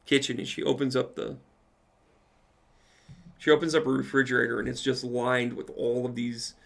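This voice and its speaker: Gravelly-voiced guy, a medium telling a story on a live q&a, cussing as he goes. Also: medium pitch. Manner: animated storyteller, swears casually. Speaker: psychic medium.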